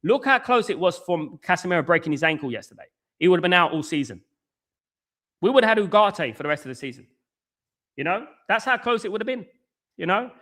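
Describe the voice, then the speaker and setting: A man's voice: high-pitched, big pitch swings, a little fast, pauses often, fairly bright tone. A man hosting a live-stream football talk show, chatting in a repetitive, conversational way and greeting viewers from the chat by name. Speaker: football channel host.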